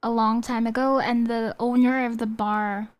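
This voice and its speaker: A woman streaming a game from home, chatting in a playful, rambling way and teasing herself between thoughts. Her voice sits a little high, with a faint hiss behind it. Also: level tone, moderate pace. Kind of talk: casual chat.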